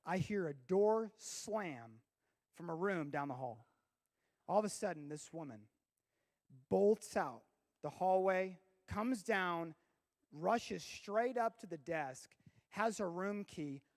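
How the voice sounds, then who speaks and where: A man giving a lively youth sermon, his voice sitting high for a man. He tells stories with big swings, dropping low and then shouting out the punchlines. A gravelly edge runs through his voice. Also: takes it slowly. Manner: animated storyteller, bursts into shouting for effect. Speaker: youth pastor.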